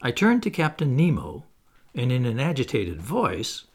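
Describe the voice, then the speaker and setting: A man with a medium-pitched voice narrates a classic novel in the first person for an audiobook. His storytelling is measured and expressive.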